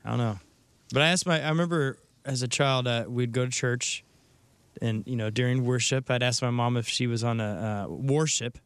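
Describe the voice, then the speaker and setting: Brief: easygoing co-host, a man, smooth clear voice, dry studio. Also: medium pitch, normal speed, no echo. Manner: easygoing anecdote teller. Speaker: radio show co-host. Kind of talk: casual studio banter.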